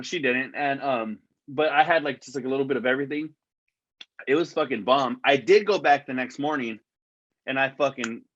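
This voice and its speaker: A man co-hosting a casual podcast, rambling through a story and swearing constantly. His voice sits at an ordinary middle pitch. The sound is dry and dull, with a lo-fi edge. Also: fairly bright tone, no echo. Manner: profane, rambling storyteller, says "dog" a lot. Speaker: podcast co-host. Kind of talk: casual chat.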